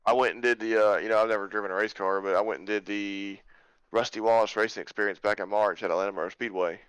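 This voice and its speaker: A man's voice: on the low side, fairly even intonation, quick pace, fairly bright tone, clear, resonant tone, dry recording, rough recording. A man who drives in a sim racing league, chatting casually on a podcast and telling stories in an easygoing way. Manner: easygoing, storytelling.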